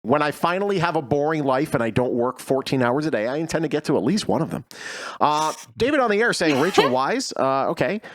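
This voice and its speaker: A man's voice: on the high side, fairly quick, dry recording. A man hosting a casual live panel show, reading viewer comments and joking around, laughing often. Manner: animated, laughs often, jokey. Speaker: show host.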